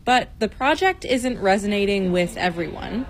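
A woman radio reporter narrating a scripted news feature in a measured, clear read. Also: medium pitch, lively intonation.

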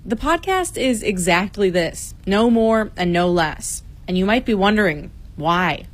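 A woman's voice: medium pitch, lively intonation. Woman reading a news report. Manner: measured, clear reporter's read. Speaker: radio reporter. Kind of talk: scripted news narration.

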